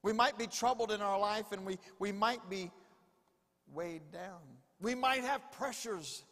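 A man's voice: high-pitched, measured pace, sharp tone. A male pastor preaching a sermon, repeating phrases with emphasis and calling on the congregation to answer back. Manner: repetitive, emphatic preaching with call-and-response. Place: church sanctuary. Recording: long reverb of a church hall.

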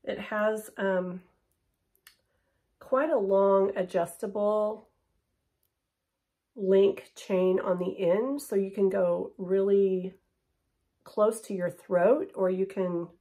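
Middle-aged woman, casual haul vlogger, gravelly fry. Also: medium pitch, fairly even intonation, takes it slowly, long pauses, warm tone. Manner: chatty, upbeat, drops to a near whisper for close-ups. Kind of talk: casual chat unboxing and try-on.

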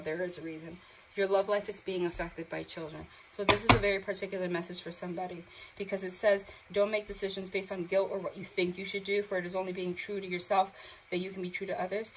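A woman's voice: lowish voice, gravelly, slight background noise, poor audio. Awed woman reading tarot cards. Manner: emotional, awed, reads card texts aloud. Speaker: tarot reader. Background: water sounds from a sound machine.

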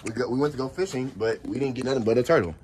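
A man's voice: mid-range voice, very fast, a little mellow, slight background noise. A man in a casual vlog chat, joking and arguing back defensively.

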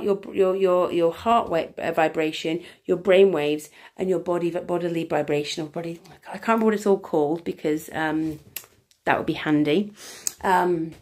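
Chatty woman coaching breathing. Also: lowish voice. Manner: chatty, rambling, many restarts and fillers; soft, slow guided-breathing voice. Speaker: wellbeing coach. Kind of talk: live session with breathing exercise and viewer questions.

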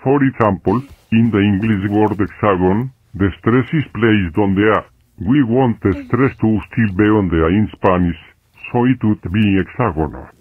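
A man voicing a talking vowel who teaches a lesson in scripted educational narration, with a steady explaining tone, heard as lo-fi audio played from a video. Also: lowish voice, normal speed, husky, no room sound. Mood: patient. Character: talking vowel named Ozone, a calm teacher.

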